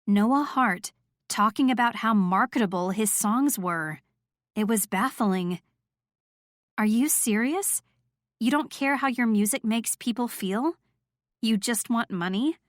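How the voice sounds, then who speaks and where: A woman narrating a first-person romance audiobook in a steady, clear storytelling voice. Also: fairly high pitch, measured pace, no echo, studio quality.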